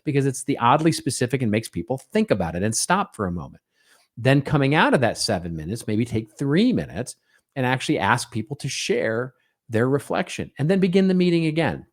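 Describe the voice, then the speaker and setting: A man's voice: mid-range voice, sing-song, a little fast. A middle-aged man hosting a podcast alone, talking in a conversational way, tagging his points with "right?" and acting out little quoted exchanges. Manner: conversational, frequent "right?" tags, acts out small quoted exchanges. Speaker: podcast co-host. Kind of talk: solo podcast monologue.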